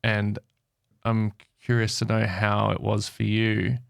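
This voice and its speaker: A man hosts a podcast in a very gravelly, flat voice, mostly murmuring along and asking a gentle question now and then. The sound is dry and close. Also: lowish voice, slow pace, no room sound. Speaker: podcast host. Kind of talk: interview, listening and asking.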